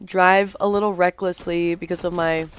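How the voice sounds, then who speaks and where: A woman's voice: fairly low pitch, little pitch movement, moderate pace, slight background noise. A young woman livestreaming a game, rambling through a storytime with lots of fillers and casual swearing. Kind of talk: rambling storytime while gaming.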